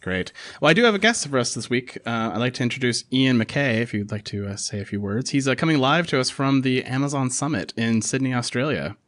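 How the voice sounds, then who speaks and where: A man's voice: mid-range voice, animated, fairly bright tone. A man hosting a casual tech podcast, chatty and full of fillers. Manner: quick, chatty delivery with frequent fillers. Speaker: podcast host.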